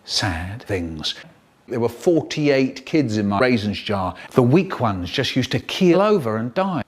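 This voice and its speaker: A man's voice: mid-range voice, very animated, measured pace. A man telling comic stories in a theatrical, playful way and acting out the characters. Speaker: storyteller. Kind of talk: comic storytelling.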